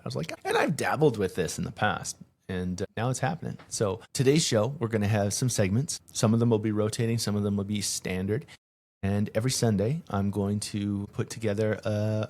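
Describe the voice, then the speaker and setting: A man with a fairly low voice hosts his own podcast in a loose solo monologue. He talks in an energetic, chatty way, and his pitch jumps up high when he gets excited. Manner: energetic, conversational, hype greetings. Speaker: podcast host.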